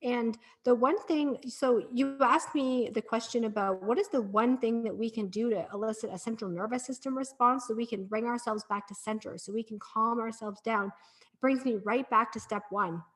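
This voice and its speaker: A middle-aged woman with a voice pitched a little high, speaking as a guest on a podcast. She tells her story in an earnest, encouraging way and sounds conversational and sincere. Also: moderate pace. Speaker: podcast guest, breathwork practitioner.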